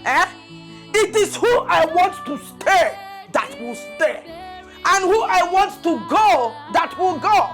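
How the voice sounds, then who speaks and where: A domineering Nigerian mother-in-law, high and lively in pitch, slow and mocking, throwing her weight around. Faint film music plays underneath. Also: full character voice. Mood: gloating. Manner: boastful, mocking, loud. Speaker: actor. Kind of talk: film drama acting.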